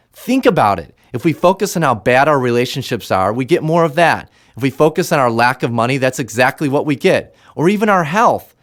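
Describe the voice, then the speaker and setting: A man, a life coach, giving an energetic motivational talk and demonstrating how to speak to oneself. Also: mid-range voice.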